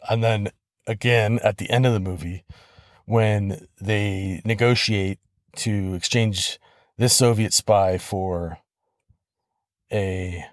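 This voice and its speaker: Low-voiced man hosting a relaxed podcast. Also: takes it slowly, pauses often, dry recording, clean studio sound. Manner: relaxed and conversational, with soft laughs and restarts. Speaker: podcast host. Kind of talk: casual solo podcast storytelling.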